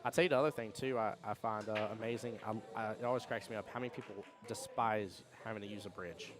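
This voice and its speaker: A man's voice: lowish voice, crowd noise. A man hosting a pool tournament stream, chatting casually and reading viewer comments in a rambling, storytelling way. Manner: fast, rambling storyteller with restarts and laughs. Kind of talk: casual chat with live chat readouts.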